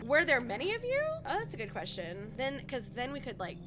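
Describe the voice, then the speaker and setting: Woman streamer, animated commentary, high bright voice, cusses freely. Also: normal speed, few pauses, faint music behind. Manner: animated, swearing, thinking out loud. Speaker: gaming streamer. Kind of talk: gameplay commentary.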